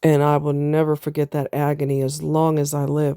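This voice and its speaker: A woman's voice: sits low, level tone, normal speed, few pauses, warm tone, smooth, dry recording, clean studio sound. A middle-aged woman telling a personal story in a candid, casual vlog, speaking straight to her viewers. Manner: candid, talks straight to viewers with southern US slang. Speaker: vlogger.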